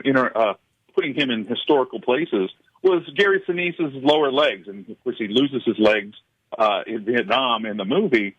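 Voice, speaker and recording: A male film professor talks as a radio guest, stopping and restarting with frequent uh fillers. His voice sits at a medium pitch. The sound is dry and close but a little muffled, like a radio broadcast. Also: fairly bright tone, no echo. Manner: halting, full of uh fillers and restarts. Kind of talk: radio interview chat. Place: radio studio.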